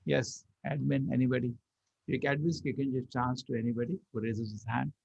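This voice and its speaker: A man's voice: mid-range voice, flat delivery, fairly quick, creaky, a little mellow, slightly rough, lo-fi sound. A man teaching a scripture class, chanting Sanskrit verses and explaining them line by line. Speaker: Bhagavad Gita teacher.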